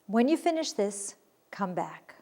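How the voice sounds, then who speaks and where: Lively-voiced woman teaching grammar. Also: medium pitch, unhurried. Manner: patient, explanatory, reads examples aloud. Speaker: writing teacher. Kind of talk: recorded grammar lesson.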